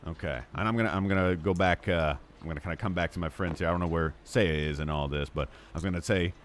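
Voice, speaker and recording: A man's voice: sits low, fast, slight background noise. A man chatting as a player in a tabletop game, describing his character's moves. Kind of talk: casual tabletop play.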